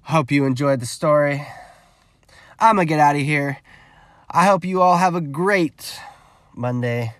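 A man's voice: on the high side, a little slow, pauses often, no room sound. Casual vlogger, young man, profane storyteller, dry close recording. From California. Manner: rambling, profane, animated retelling with quoted dialogue.

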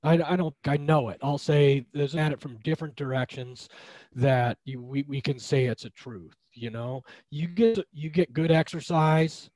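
A man in casual conversation, speaking in a measured, reflective way. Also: on the high side, darkish tone, dry recording, poor audio.

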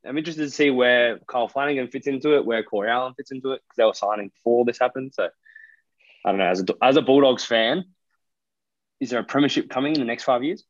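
A man's voice: medium pitch, fast talker, no echo. Man, young adult, Australian accent, casual podcast co-host, rambling, dry lo-fi sound. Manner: rambling, many fillers and restarts. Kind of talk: casual chat.

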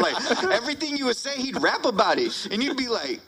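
A man's voice: high voice, fairly quick, few pauses, crowd noise, rough recording. A man telling stories in casual chat, acting out quotes and swearing often. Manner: animated storyteller, acts out quotes, swears often. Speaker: podcast guest, rapper.

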